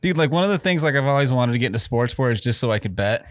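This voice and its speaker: A man hosting a casual podcast, laid-back and quick to chime in. His voice moves up and down a lot, and the close mic sounds dry. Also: medium pitch, lively intonation, no room sound. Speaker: podcast host. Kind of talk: casual chat.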